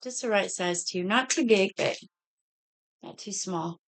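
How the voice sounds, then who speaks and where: A middle-aged woman with a Southern US accent, a bit hoarse, chatting in a folksy way through a casual haul video. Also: mid-range voice, measured pace. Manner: chatty, folksy, says y'all. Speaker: vlogger.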